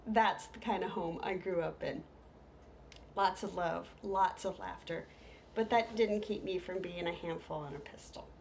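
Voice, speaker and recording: A middle-aged woman telling humorous stories, lively, with hushed whispered asides. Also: on the low side, unhurried, creaky, a little hiss or hum. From United States. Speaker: storyteller. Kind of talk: humorous stage storytelling.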